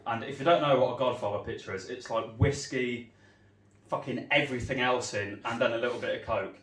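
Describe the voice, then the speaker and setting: A young stand-up comedian from Leicester tells a rambling, sweary story full of ums in a comedy gig room. His medium-pitched, slightly bright voice moves briskly, heard from far off with roomy echo and slight background noise.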